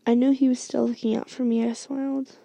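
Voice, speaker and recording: A young woman narrating a first-person fanfic story in a hushed, halting way, as a whispered story reading with some restarts. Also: fairly high pitch, flat delivery, creaky, no room sound. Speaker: story reader.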